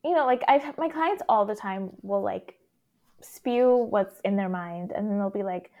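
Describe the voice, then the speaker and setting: A woman's voice: mid-range voice, lively intonation, normal speed, dark tone. A woman speaking as a podcast guest, earnest and reflective, with many fillers like "like" and "you know". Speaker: podcast guest and career coach. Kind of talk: casual conversational interview.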